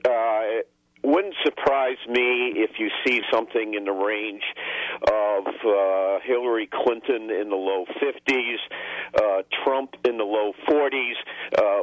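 A man, a political strategist guest on a radio call-in show, speaking haltingly with many filler pauses. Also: lowish voice, steady tone, dry recording. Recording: dull lo-fi phone line.

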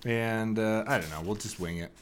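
A man's voice: fairly low pitch, normal speed, a little hiss or hum. A man who is a pastor, chatting on a podcast, joking, laughing a lot and rambling with fillers. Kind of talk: casual podcast chat.

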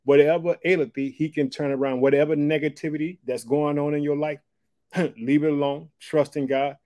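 A man's voice: a little high, level tone, moderate pace, mellow, no room sound. A man hosting a podcast and preaching an encouraging sermon, repeating short rallying phrases. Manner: repetitive call-and-response phrases, exclamatory.

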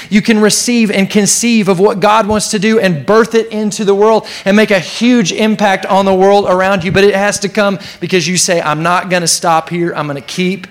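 A man pastor preaching to his church in an animated way, sometimes acting out the voices in the story. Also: sits high. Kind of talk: sermon.

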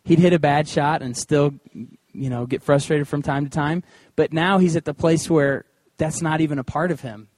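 A man preaching a sermon in a conversational, animated way, weaving in personal stories. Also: a little high, moderate pace, hardly any pauses, no room sound. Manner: conversational and animated, with acted-out quotes. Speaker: pastor.

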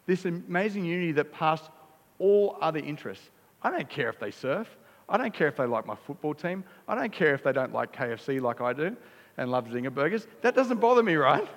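Australian male pastor preaching in a hall. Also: on the high side. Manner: conversational, emphatic preaching with asides. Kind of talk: sermon. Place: church hall. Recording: church hall reverb.

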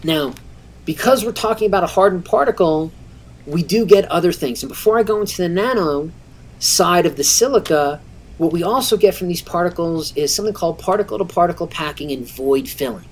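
A woman guest who explains technical material in conversation, lively and full of everyday analogies. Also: lowish voice, a little fast, breathy edge. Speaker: guest concrete expert.

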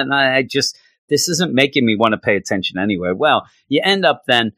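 A man gives a casual video review of a comic, sounding sarcastic and exasperated with what he reads. His speech moves up and down with a very lively pitch. The recording is dry, with no room sound. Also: brisk, no echo. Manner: sarcastic, exasperated, acts out characters.

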